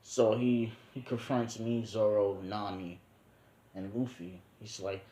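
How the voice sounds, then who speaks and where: A man's voice: on the low side, flat delivery, slow, warm tone. A young man casually telling a made-up adventure story, rambling and slangy with many ums. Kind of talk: casual fan-fiction storytelling. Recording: roomy echo.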